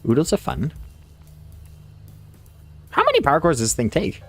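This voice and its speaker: A man's voice: a little high, wildly swooping pitch, normal speed, fairly bright tone, husky. A man streaming a building game, chatting casually to his viewers and to himself as he plays, laughing often. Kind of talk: casual live-stream commentary. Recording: faint music behind.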